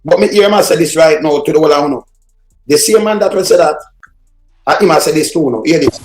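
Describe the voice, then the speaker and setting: A man with a Jamaican Patois accent rants at top speed, his voice pitched high as he swears and hurls insults. He is hosting a reaction show from an echoey room, with faint music behind him. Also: fast talker, a little mellow. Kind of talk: heated commentary on played clips.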